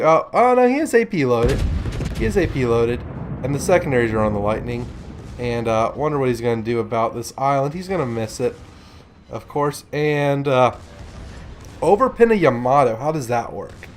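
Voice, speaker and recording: A man's voice: medium pitch, slight background noise. A man casually commentating a warship gameplay video, chatty and joking with rambling asides.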